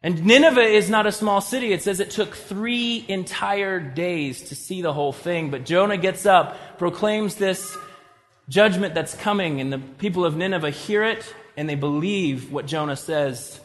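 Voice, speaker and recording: High-voiced male preacher in a reverberant hall. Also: normal speed. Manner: conversational preaching, retells scripture dramatically. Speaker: pastor. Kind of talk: sermon.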